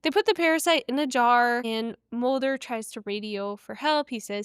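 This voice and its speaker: A woman's voice: fairly high pitch, normal speed, smooth, dry recording, clean studio sound. A young woman hosting a podcast, casually retelling an episode with slangy, opinionated asides. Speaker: podcast host.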